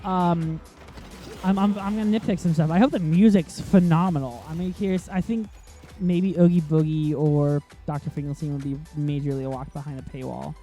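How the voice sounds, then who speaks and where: Guy rambling through a gameplay video, warm mellow voice, keeps getting sidetracked, tons of ums, bit of game music under it. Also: fairly high pitch, fairly even intonation, fairly quick. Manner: rambling, chatty, easily sidetracked, lots of ums. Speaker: gaming channel host. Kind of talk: casual let's-play commentary.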